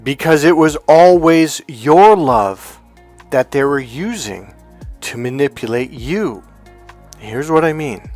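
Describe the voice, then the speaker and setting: A man speaking as a relationship coach in a motivational monologue, emphatic and animated, often acting out other people's voices. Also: fairly high pitch, slow pace, faint music behind.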